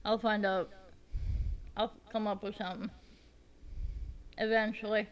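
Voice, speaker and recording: A woman's voice: medium pitch, level tone, measured pace, clear, resonant tone, lo-fi sound. A woman chatting casually on a podcast, teasing the others with dry humor. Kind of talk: casual chat.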